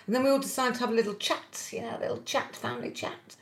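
A woman's voice: fairly high pitch, steady tone, fast talker, vocal fry, reverberant. A woman with a self-deprecating, rambling way of telling stories in casual chat.

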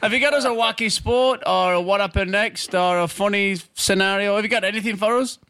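A man's voice: high voice, a little fast, sharp tone, clear, resonant tone, no room sound. An Australian man co-hosting, teasing the caller cheekily and laughing often. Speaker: co-host. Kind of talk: casual banter.

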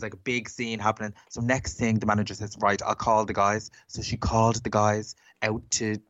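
A man chatting casually, telling a story in an animated way and acting out what people said. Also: fairly low pitch, fairly quick, few pauses, no echo, dull audio. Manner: animated, acts out quotes.

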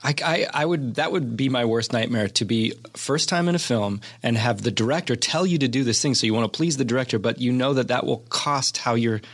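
A man's voice: medium pitch, fairly quick, few pauses. A man hosting a casual podcast interview, joking and self-deprecating. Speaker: podcast host.

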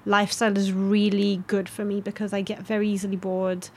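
A young woman from Romania, a guest talking frankly and lively in a casual interview. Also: mid-range voice, fairly quick. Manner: lively, frank, laughs easily. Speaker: guest, actress and writer.

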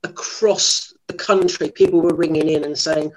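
A middle-aged woman, a lively, self-mocking actress telling stories in an interview. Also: deep voice, normal speed, rough recording. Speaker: actress guest. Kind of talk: anecdotal interview storytelling.

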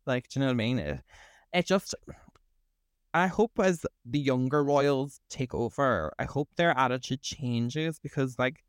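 A man's voice: mid-range voice, unhurried, clean tone, no echo. Man, podcast co-host, sweary rant, dry close sound. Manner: sweary, ranting, animated storytelling. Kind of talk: casual chat.

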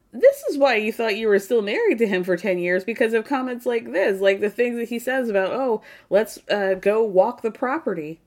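A woman's voice: mid-range voice, a little mellow. A woman hosting a podcast, recapping a reality show in casual, sarcastic commentary and swearing freely. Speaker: podcast host.

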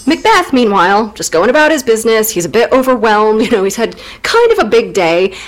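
A woman's voice: a little high, big pitch swings, brisk, low-quality recording. A woman co-hosting a comedic literature recap, irreverent and playful, swearing and slipping into mock voices. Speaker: podcast co-host.

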